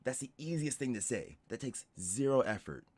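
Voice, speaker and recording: A man's voice: mid-range voice, very animated, normal speed, darkish tone. A young man streaming casual reaction commentary, rambling with lots of "like" and restarts. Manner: rambling, heavy use of "like" and restarts.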